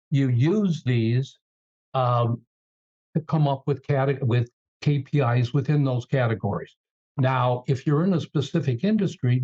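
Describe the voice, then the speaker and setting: Male executive guest, measured and hesitant with ums, mid-pitched, slightly muffled lo-fi recording. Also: a little mellow. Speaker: guest, turnaround CEO. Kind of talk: interview storytelling.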